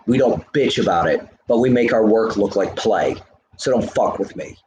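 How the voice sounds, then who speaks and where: A man's voice: on the low side, expressive, normal speed, reverberant, noisy background. Heated, profane man ranting to chat. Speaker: livestreamer. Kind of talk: live stream rant to chat.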